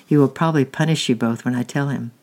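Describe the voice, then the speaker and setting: A storyteller voicing a willful, quick-tempered rich little girl in a read-aloud book. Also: medium pitch, a little mellow, lightly acted. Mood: imperious. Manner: commanding, defiant.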